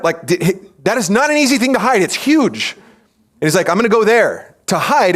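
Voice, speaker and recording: Man, pastor, church sermon, lively storytelling, fairly high voice, questions for the listeners. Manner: animated storytelling, acting out quoted voices; asks the congregation questions. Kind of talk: teaching sermon.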